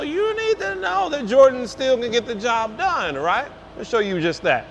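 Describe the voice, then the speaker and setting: A man shows off a forklift outdoors, hyped and exuberant, piling up repeated praise. His voice sits high and leaps all over the place. A faint wash of outdoor vehicle noise runs underneath. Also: huge pitch swings, normal speed, vocal fry, a bit bright. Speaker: forklift salesman demonstrating a lift. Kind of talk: enthusiastic product demo.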